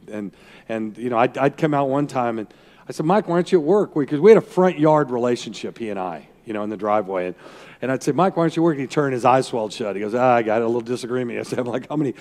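A man's voice: medium pitch, a little mellow, long reverb tail. A man preaching a sermon as a pastor, telling stories in a rambling, folksy way with asides to the crowd.

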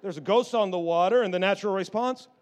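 A high-voiced man delivers a sermon at a quick pace, full of playful, animated energy. Like a pastor keeping his congregation laughing, he jokes, drops into hushed, wry asides, then bursts into excited shouts.

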